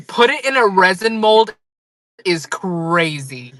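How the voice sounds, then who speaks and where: A woman's voice: mid-range voice, huge pitch swings, very slow, pauses often, a bit bright, no echo. A woman chatting casually on a live-selling stream, joking, rambling and laughing often.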